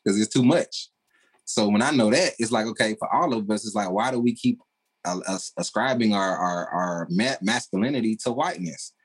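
A man's voice: on the low side, fairly quick, slightly rough, low-quality recording. A man in casual podcast conversation, talking emphatically in slang and laughing often.

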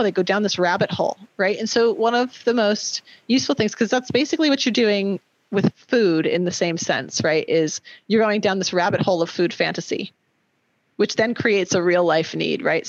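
A woman's voice: mid-range voice, no echo. A woman co-hosts a casual podcast, explaining coaching ideas in a chatty, patient way. She keeps checking in with her listener with "right?". The sound is dry and close, a bit dull up top. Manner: explanatory, says "right?" often. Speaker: podcast co-host, nutrition coach.

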